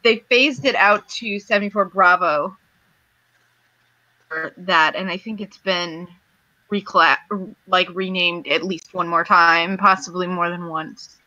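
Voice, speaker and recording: A woman's voice: lowish voice, steady tone, measured pace, pushed and bright, no room sound, muffled recording. A woman guest in a casual voice chat, patiently explaining things step by step.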